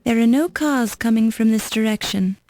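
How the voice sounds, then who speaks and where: A woman's voice: on the high side, moderate pace, darkish tone, no echo, lightly acted. A woman voicing a wry game narrator, reading dry, matter-of-fact descriptions in scripted narration.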